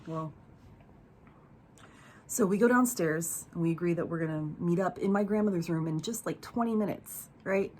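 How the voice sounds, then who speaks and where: Low-voiced woman telling a raw, profane story. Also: expressive, normal speed, pauses often, a little mellow, a little hiss or hum. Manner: profane, raw and emotional, rambling with fillers. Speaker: vlogger telling a personal story. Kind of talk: candid storytime monologue.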